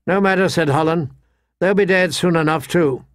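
A man voicing a gruff older master of horse who mutters his disapproval. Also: on the high side, moderate pace, no echo, studio quality, pitched above the performer's own voice, lightly acted. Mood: dismissive.

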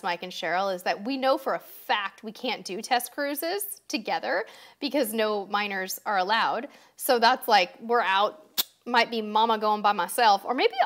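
A woman's voice: mid-range voice, fairly bright tone. A woman hosting a casual livestream, reading out viewer comments and answering them in a chatty, effusive way, laughing often. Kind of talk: casual live chat.

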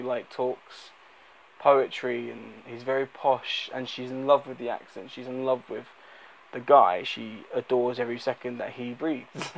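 A man talks through a movie review off the cuff, at an ordinary mid-range pitch. His delivery rambles, with lots of fillers and restarts. It sounds unplanned and conversational. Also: poor audio. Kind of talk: unscripted spoken movie review.

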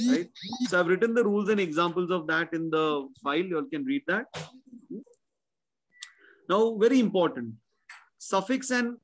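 A man with an Indian English accent teaching pronunciation in an online class, checking in with "right?" after his points. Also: sits high. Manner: explanatory, drills words by repetition, frequent "right?" checks. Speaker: spelling bee tutor.

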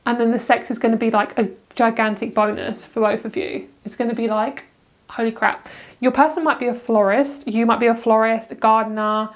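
A young woman with a British accent reads tarot cards in a loose, chatty way. She gushes and breaks into laughter easily, and her voice sits a little high. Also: brisk, hardly any pauses. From Britain. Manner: gushing, excitable, bursts into laughter. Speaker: tarot reader. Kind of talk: casual tarot card reading.

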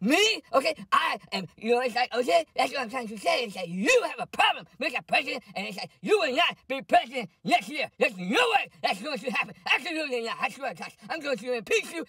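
A man's voice: extremely high pitch, creaky, bright, forceful tone, slightly rough, dry recording, clean studio sound, recorded from a distance, exaggerated voice. A man voicing a drunk, indignant older female politician who rambles and keeps repeating "it's like" and "okay". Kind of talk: comedic parody rant.

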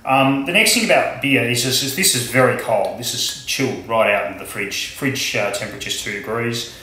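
A man's voice: medium pitch, normal speed, pushed and bright, reverberant, poor audio. A man from Australia reviewing a beer at home in a casual tasting vlog, chatty and wry, with many fillers and asides.

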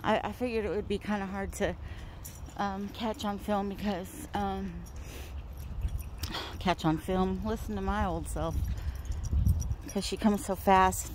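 A woman's voice: steady tone, a little slow, pauses often, background noise. A middle-aged woman chatting casually to her phone camera while walking her dogs outside near her house. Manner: chatty, calls dogs in a high singsong. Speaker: vlogger. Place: outdoors near a house and woods.

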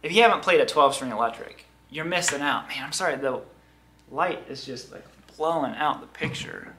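A man hosting a guitar channel, chatting casually to camera in a rambling, self-deprecating way. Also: fairly high pitch. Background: electric guitar playing.

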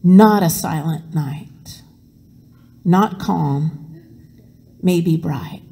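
Woman pastor, slow expressive sermon storytelling, reverberant sanctuary. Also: on the low side, vocal fry, breathy edge. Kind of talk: sermon with dramatic reading. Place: church sanctuary.

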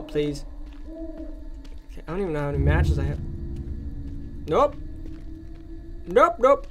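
Gaming host, male, jumpy and loud, bright voice that swings high and low. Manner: excitable, yells and rants at the game in jest. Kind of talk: horror game let's play commentary.

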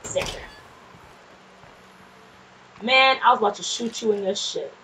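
A woman casually commenting on her gameplay, chatty and quick to swear, often laughing and talking back to the game's characters. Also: mid-range voice, sharp tone, poor audio. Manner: nervous and jumpy in scary moments. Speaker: gameplay streamer. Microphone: desk microphone.

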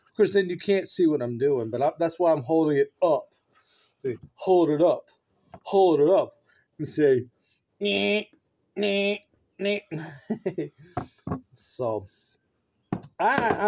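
A goofy man rambles through a casual home vlog into a phone on a stand. His voice swings up and down in a lively, sing-song way, and he laughs often. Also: on the high side. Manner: rambling, chatty. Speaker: vlogger.

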